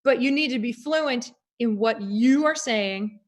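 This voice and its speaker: Woman, fairly high voice, animated, chatty, thoughtful, guest singer. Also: unhurried. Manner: animated, reflective, with frequent fillers. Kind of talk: conversational interview.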